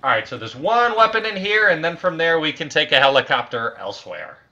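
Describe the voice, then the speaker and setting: A man riffing crudely over a co-op game, his voice bright and forceful with a lively, swooping pitch and frequent shouting. The mic sounds a little dull and lo-fi, with a faint hiss underneath. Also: a little fast. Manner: loud, crude, prone to shouting bits. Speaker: let's play host. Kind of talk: casual gameplay banter.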